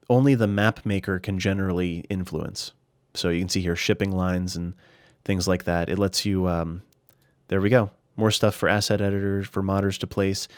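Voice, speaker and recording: A man with a lowish voice talks casually over a game, as if he were at his desk. He is chatty and relaxed, restarts his sentences and leans on filler words. The recording is dry and close, with no room sound. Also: no room sound. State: slightly out of breath. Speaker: gaming YouTuber. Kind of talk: casual screen-recorded tutorial commentary.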